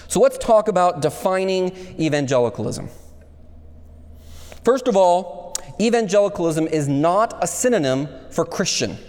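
A man's voice: high voice, a little mellow. A man preaching a sermon, first telling a personal story and then lecturing in a conversational way. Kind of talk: chapel sermon. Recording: long hall reverb.

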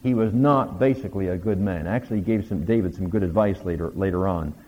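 A man with a low voice teaches a Bible class in an easy, conversational way, retelling the stories and acting out bits of dialogue. The recording is dull and lo-fi, with a long reverb trailing off in a big room. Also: fast talker.

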